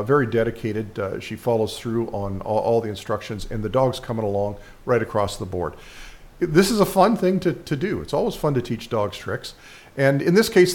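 A man speaking as a dog trainer, giving casual instructional commentary with frequent fillers and restarts. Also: on the low side.

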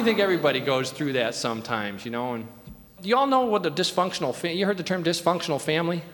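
A man's voice: a little high, fairly bright tone. A man talking casually to a live audience in a hall, peppering his talk with questions to the crowd and lots of "you know". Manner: chatty, asks the crowd questions, many fillers. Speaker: speaker addressing a live audience. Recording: long hall reverb, faint guitar.

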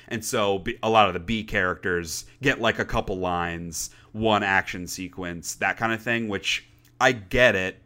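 A young man co-hosting a podcast, talking in a rambling, animated way and swearing casually. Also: on the low side. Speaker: podcast co-host. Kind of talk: casual chat.

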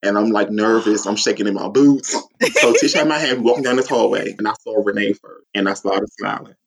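A man telling a long, excited story in casual chat, acting out quotes and laughing often. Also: fast talker, creaky, few pauses, breathy edge. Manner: excitable, acts out quotes with big pitch jumps. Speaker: guest, superfan.

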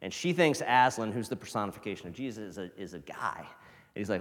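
A male pastor giving a casual, conversational sermon, swinging from loud emphasis to hushed near-whispers. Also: lowish voice, animated, fast talker. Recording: long reverb of a large hall.

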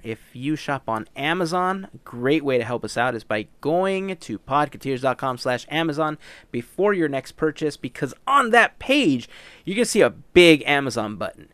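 Tired, animated male podcast host. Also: medium pitch, moderate pace, clean tone, no echo. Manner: jokey and rambling, tired and trying not to yawn. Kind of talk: casual chat with sponsor reads.

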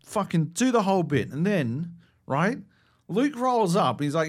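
Lively, sweary podcast co-host man. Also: sits high, moderate pace. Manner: animated, sweary, mock-indignant storytelling. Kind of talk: casual chat.

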